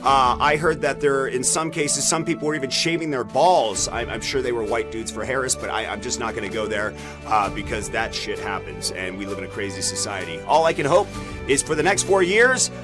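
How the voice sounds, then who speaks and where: A man's voice: mid-range voice, fairly quick. A man hosting a video commentary show, brash, profane and mocking as he narrates crime clips. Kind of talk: crude comedic commentary over videos. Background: loud music.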